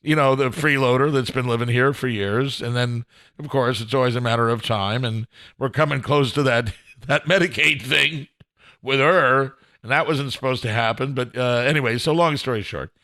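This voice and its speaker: A man's voice: mid-range voice, moderate pace, sharp tone. A man hosting his own solo podcast from home, rambling in a self-deprecating way, often chuckling and restarting his sentences. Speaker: podcast host. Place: home, indoors.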